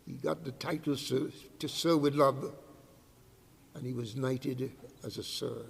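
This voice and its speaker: A man with a gravelly voice gives heartfelt, halting closing words at a memorial service. He talks slowly in a reverberant funeral home hall, and a faint murmur of background noise sits under his voice. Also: medium pitch.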